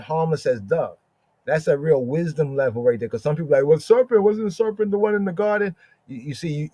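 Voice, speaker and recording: A man teaching scripture on a casual podcast. He checks in with "right?" again and again and draws out Hebrew words slowly. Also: mid-range voice, a little mellow, dry recording. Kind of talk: informal scripture study podcast.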